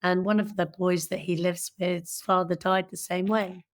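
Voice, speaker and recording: A middle-aged woman from England with a British accent and a slightly croaky voice, speaking frankly and steadily as an interview guest. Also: fairly low pitch, normal speed. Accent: British English. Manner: frank, steady, occasionally swearing. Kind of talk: candid personal storytelling.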